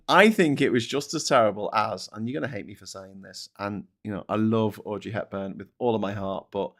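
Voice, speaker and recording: A middle-aged man hosts a live stream, reading out viewer comments. He rambles, swears freely and laughs a lot, with a fairly low voice. His talk is loose and chatty, full of restarts. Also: a little fast, few pauses, a bit bright.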